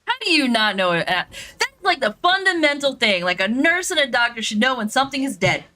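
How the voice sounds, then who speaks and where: A woman's voice: high voice, sing-song, brisk, pushed and bright. A woman telling a story in a blunt, profane, casual way while streaming a game, with lots of fillers and repeats.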